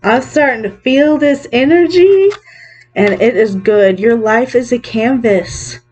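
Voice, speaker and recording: A woman giving a pick-a-card psychic reading in a gentle, reassuring, chatty way, sometimes correcting herself. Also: a little high, a little slow, soft background music. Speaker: psychic tarot reader.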